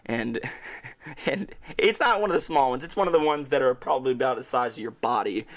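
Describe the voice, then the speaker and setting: A young man with a gravelly, creaky voice talks loosely on a podcast. He rambles through stories, swears freely and laughs often. His pitch sits at a middle level for a man. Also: animated, brisk. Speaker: podcast co-host. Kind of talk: casual chat.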